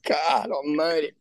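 A man's voice: on the high side, dry recording. A man around sixty, telling stories in casual, profane chat as a podcast host. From Ireland. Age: about 60. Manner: animated storyteller, swears freely. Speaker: podcast host and pub owner.

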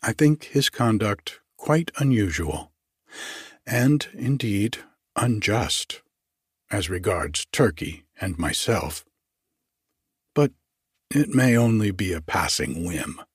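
Guy reading a prim young office clerk, stiff and polite, quiet husky low voice, slow. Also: lively intonation, dry recording, clean studio sound, full character voice. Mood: guarded.

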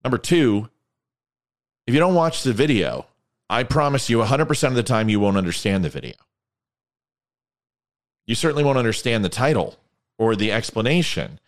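A man's voice: mid-range voice, animated, moderate pace, long pauses. A man hosting his own show in a casual monologue. He rambles and gets sarcastic. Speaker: podcast host.

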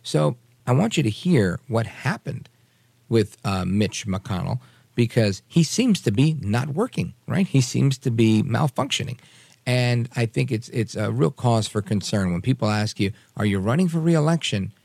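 A man's voice: mid-range voice, lively intonation, measured pace, creaky, a little mellow, dry recording. A man hosting a radio talk show, giving emphatic, opinionated political commentary and repeating phrases for emphasis.

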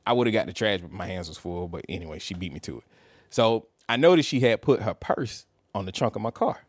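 A man's voice: lowish voice, a little fast, no room sound, studio quality. A man, co-hosting a podcast and telling a casual story, laughing and acting out what people said. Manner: animated, laughing, acts out quotes. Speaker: podcast co-host.

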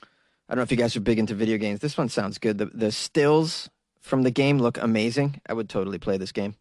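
A man's voice: lowish voice, brisk, a little mellow, no room sound, clean studio sound. A man hosting a comedic news segment, chatty and joking, asking viewers questions. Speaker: comedy show host.

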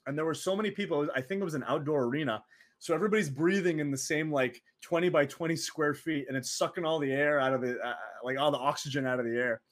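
A man in his twenties, an interview guest telling stories in a lively way, acting out quotes and laughing often. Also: fairly high pitch, quick pace. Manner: animated, acts out quoted voices, laughs often. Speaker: interview guest, former wrestler. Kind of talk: casual storytelling.

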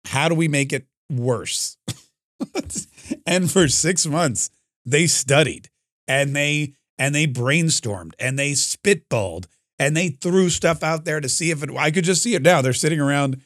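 Sarcastic middle-aged talk host, dry mic. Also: male voice, a little high, a little slow, a bit bright, no echo. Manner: sarcastic, riffs with acted-out quotes and laughs. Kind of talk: comedic political monologue.

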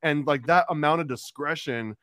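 An American man hosting a podcast in a rambling, filler-heavy way. His voice sits a little higher than most men's, and the recording is dry and close, with no room sound. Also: moderate pace, sharp tone, no room sound. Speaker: podcast host. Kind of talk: casual podcast chat.

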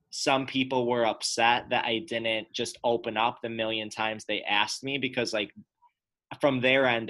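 A young man with a bright, forceful voice talks openly with close friends. His talk is loose and relaxed, full of "like" and "you know". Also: mid-range voice. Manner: relaxed, chatty, peppered with "like". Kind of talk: casual chat among friends.

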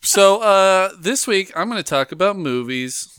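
A man's voice: sits high, lively intonation, slow, fairly bright tone, smooth, dry recording, faint music behind. A man co-hosting a podcast, playful and self-mocking, laughing often as he chats. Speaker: podcast co-host. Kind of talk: casual podcast banter.

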